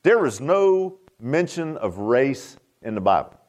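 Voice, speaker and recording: A man's voice: mid-range voice, very animated, a little slow, a little mellow. A man preaching a sermon, folksy and joking, often asking the congregation questions. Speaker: pastor.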